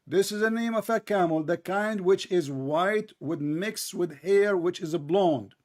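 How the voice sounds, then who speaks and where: A man's voice: high voice, normal speed, hardly any pauses. A man who speaks natively, hosting a heated live debate, combative and mocking, often talking over the other side. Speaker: debate host.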